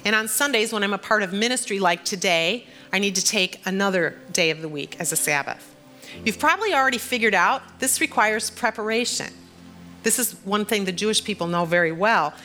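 A middle-aged woman pastor delivers a sermon and prayer in a bright, ringing voice. She speaks in a personal, gently encouraging way. Faint music plays beneath her. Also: medium pitch, expressive, fairly quick.

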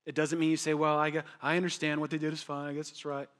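A man's voice: a little high, monotone, fast, a bit bright. A man preaching a sermon as pastor, emphatic and conversational, repeating phrases for effect and joking with his listeners.

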